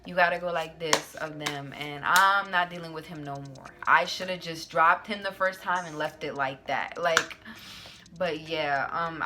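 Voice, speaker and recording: A woman's voice: sits low, sharp tone. A young adult woman hosting her own channel, telling a casual storytime in a sassy, slangy way with plenty of "like"s. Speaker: YouTuber host.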